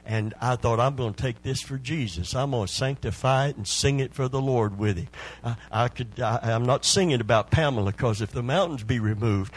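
Husky older man preaching a sermon. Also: medium pitch, poor audio. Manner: preaching with repetitions, sung phrases and rising fervor. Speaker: pastor.

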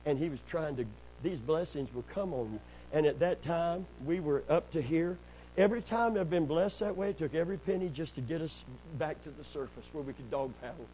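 A middle-aged pastor, preaching in a folksy storytelling way, sprinkling in amens and praise God, and rising loud and high when he gets worked up. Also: brisk, slight background noise, rough recording. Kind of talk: sermon.

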